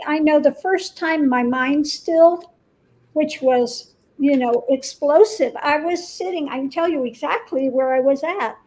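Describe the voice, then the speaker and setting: Woman guest talking spiritual stuff, high voice, quick and earnest. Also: darkish tone, poor audio. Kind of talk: casual conversation.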